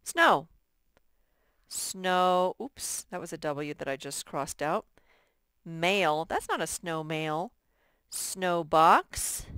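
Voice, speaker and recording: A woman with a slightly low, smooth, clear voice, giving a first-grade workbook lesson. She speaks slowly and patiently and sounds out each word for young children. The recording is close and dry. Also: a bit bright, no room sound. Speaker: teacher.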